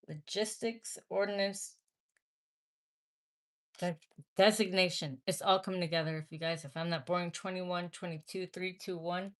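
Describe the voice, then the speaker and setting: A woman from the Midwest hosting a casual livestream, reading viewer comments aloud and talking back bluntly, with swearing. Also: medium pitch. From American Midwest. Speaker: livestream host.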